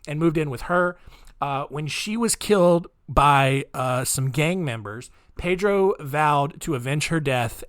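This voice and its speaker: A man's voice: medium pitch, a bit bright, no echo, studio quality. A man hosting a podcast, telling a true-crime story casually with wry, incredulous asides and plenty of "um" and "all right?". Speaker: podcast host.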